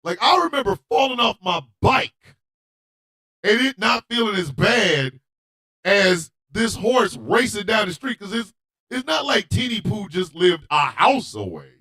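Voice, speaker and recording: Loud, high-voiced man telling a story. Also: a little slow. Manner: loud, animated, profane, often shouting. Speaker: radio show host. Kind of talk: storytelling comedy monologue.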